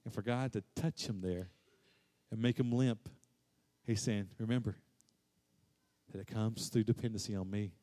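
A man preaching a sermon, rising to loud high peaks and dropping to quiet, low stretches, and repeating phrases for emphasis. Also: steady tone, normal speed, long pauses. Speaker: pastor.

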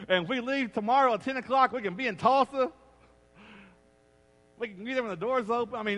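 A middle-aged man preaching a sermon as a pastor, animated and acting out the voices he quotes. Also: high-pitched. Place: church sanctuary. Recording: long reverb of a large church hall.

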